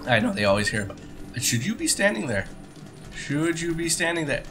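A man's voice: a little high, very animated, normal speed, noisy background. A man co-hosting a let's play, chatting casually, laughing often and swearing freely as he reacts to the game. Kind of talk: casual gaming banter.

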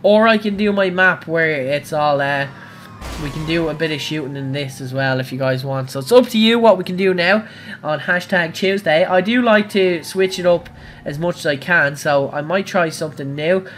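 A man, streaming a racing game live and talking to chat, excitable and crying out at crashes. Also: on the high side, normal speed, slight background noise. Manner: excitable, cries out at crashes and wins. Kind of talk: live gameplay commentary.

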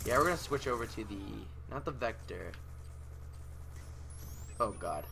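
A young man giving chatty commentary over his gameplay, often breaking into loud, raging yells, on a desktop mic at home. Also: medium pitch, lively intonation, measured pace, gravelly, a little hiss or hum. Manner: chatty, often bursting into yelling rage. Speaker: gaming channel host. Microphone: desktop USB mic with pop filter.

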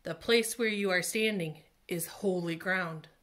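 A woman voicing God as a commanding male voice in a children's Bible story, speaking in slow, solemn pronouncements. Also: fairly low pitch, a bit bright.

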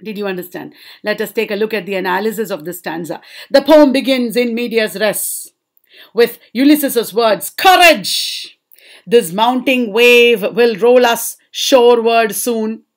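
A woman teaching a literature lesson, reading poem lines slowly and explaining them, often asking students if they understood. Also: on the high side. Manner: slow, drawn-out poetry reading with checking questions to students.

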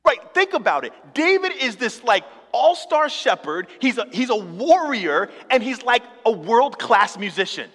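A man's voice: extremely high pitch, sing-song, moderate pace, hardly any pauses, fairly bright tone. A man preaching a sermon as pastor, talking in a conversational, humorous way and acting out little dialogues. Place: church sanctuary. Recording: long reverb of a church hall.

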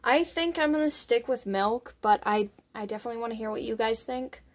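High-voiced woman coaxing her pet rats. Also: a little fast. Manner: coaxing, chatty, giggly. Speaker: pet vlogger. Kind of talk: casual vlog talking to pet rats. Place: indoors at a rat cage. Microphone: phone held up while filming.

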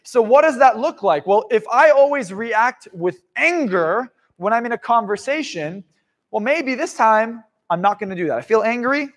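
High-pitched male motivational speaker, profane, loud-to-quiet swings, live seminar. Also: lively intonation, moderate pace.

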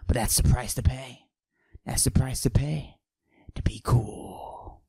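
A man doing a cocky macho character who forces his voice deep and breathy, in a comedic podcast monologue. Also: steady tone, slow, warm tone, no room sound, in a whisper, heavily acted. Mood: swaggering. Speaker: podcast host.

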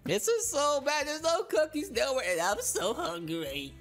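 A woman hosting excited gameplay commentary, squealing and swinging between panic and giggles. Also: sits high, unhurried, over music. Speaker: gaming channel host.

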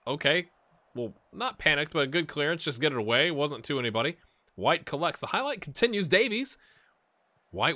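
A man giving casual, amused commentary while playing a football management game, getting excited during the action. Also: a little high, a little fast. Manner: chatty, amused, jumps to excited play-by-play. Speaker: gaming YouTuber. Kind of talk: casual let's-play commentary.

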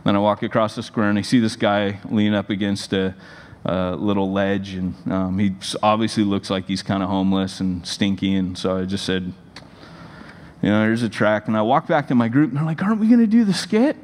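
Animated man preaching in a reverberant hall. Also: on the low side, moderate pace. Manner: animated, rambling storyteller with many fillers. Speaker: pastor. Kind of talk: sermon storytelling. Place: church hall.

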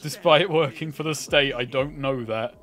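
A man's voice: medium pitch, normal speed, a bit bright. A man streaming a game, swearing and laughing as he jokes through it. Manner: swears a lot, laughs often, playful. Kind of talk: casual let's-play banter.

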